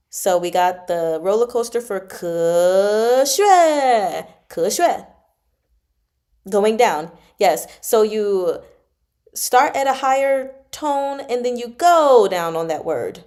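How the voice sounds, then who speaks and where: A woman's voice: mid-range voice, lively intonation, measured pace, a little mellow. A woman hosting a casual livestream lesson, chatty and self-correcting, sounding out Mandarin tones as she explains them. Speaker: livestream host teaching Mandarin.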